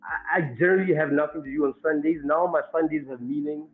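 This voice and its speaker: A man in a casual chat, delivering deadpan jokes and dry one-liners. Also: fairly high pitch, fast, narrow, tinny audio, soft background music.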